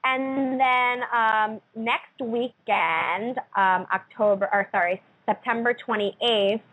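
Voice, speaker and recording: A young woman from Connecticut, a country singer being interviewed on radio, chatting in a giggly, excitable way. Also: fairly high pitch, slow, no room sound, low-quality recording.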